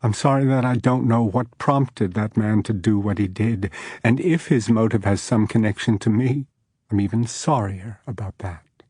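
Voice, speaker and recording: A man's voice: on the low side, normal speed, darkish tone, breathy edge, dry recording, studio quality. A man voicing a shaken young woman judge, her voice cracking as she pleads through tears. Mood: tearful.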